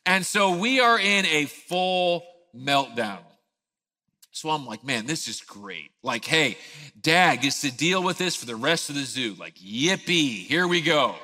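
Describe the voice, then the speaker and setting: Pastor, thirties, bright lively storyteller, big hall reverb. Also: male voice, fairly high pitch, a little slow. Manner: animated storyteller, acts out scenes. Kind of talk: sermon with a personal story.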